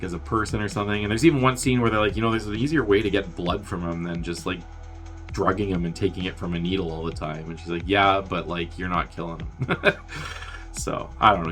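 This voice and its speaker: A man's voice: lowish voice, fairly bright tone. A man hosting a movie review show, casually recapping a film in a rambling, wry, filler-heavy way. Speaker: movie review podcast host.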